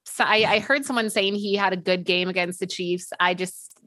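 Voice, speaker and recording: A woman with a bright, forward voice hosts a sports podcast and leads her guest with upbeat, conversational questions. Her voice comes across dry and close, with no room sound around it. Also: medium pitch, fairly even intonation, normal speed, no room sound. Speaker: podcast host. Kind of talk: casual podcast interview.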